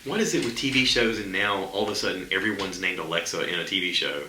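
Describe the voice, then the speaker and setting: A man's voice: sits low, quick pace. A man talking casually and at length on his own podcast, rambling with lots of fillers and restarts. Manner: rambling, chatty, many fillers. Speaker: podcast host. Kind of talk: casual solo podcast chat. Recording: echoey room with faint ambient noise.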